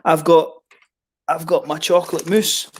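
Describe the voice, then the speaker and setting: A man's voice: a little high, fairly even intonation, unhurried, breathy edge. A man hosting a casual stream chat, rambling and laughing often. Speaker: stream host.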